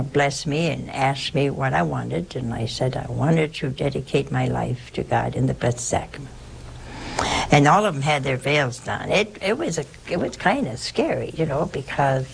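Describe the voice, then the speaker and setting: An older woman, a nun, recalling her life in halting oral-history storytelling, often repeating words and adding "see" or "you know". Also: low-pitched, gravelly, slight background noise, poor audio.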